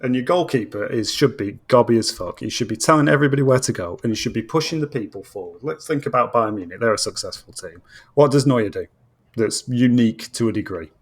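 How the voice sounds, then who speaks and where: A man's voice: mid-range voice, lively intonation, fast, husky. A man with a British accent, originally from Australia, ranting bluntly and swearing constantly as a guest football fan on a casual podcast. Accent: British English.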